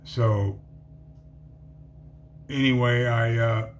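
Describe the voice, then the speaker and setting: A man's voice: mid-range voice, fairly even intonation, extremely slow, slight background noise. A middle-aged man rambling through a personal testimony, full of fillers and calling the listener "man". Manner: rambling, filler-heavy, says "man" often. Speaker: testimony speaker.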